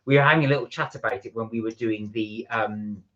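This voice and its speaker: A man's voice: fairly low pitch, a little fast, fairly bright tone. Man chatting on a home live stream. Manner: rambling, greets viewers by name and reads out comments. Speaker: co-host of a live chat stream. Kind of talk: casual live-stream chat. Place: at home indoors. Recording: slightly dull lo-fi stream audio.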